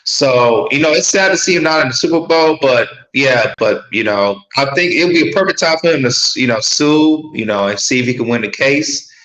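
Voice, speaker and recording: Guy on a talk panel, kinda halting, lots of room echo. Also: medium pitch, animated, fairly bright tone. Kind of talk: casual talk show discussion. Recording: echoey room.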